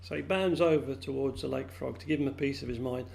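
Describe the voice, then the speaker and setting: A man telling a folk tale to friends over a video call, lively and animated, jumping into high squeaky voices for the characters. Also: fast talker, creaky, a little hiss or hum. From England. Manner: lively, acts out frog voices with big pitch jumps. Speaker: storyteller.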